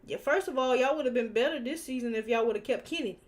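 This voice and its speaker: A young woman streaming while she draws, ranting casually in an animated, slangy way and laughing often. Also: high-pitched, fast. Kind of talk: casual rant while drawing.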